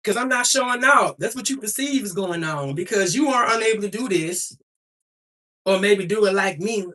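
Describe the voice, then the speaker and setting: A woman's voice: medium pitch, expressive, moderate pace, fairly bright tone, far from the mic. A young adult woman livestreaming to her chat, talking back at trolls in a profane, emphatic and confrontational way. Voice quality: profane, defiant.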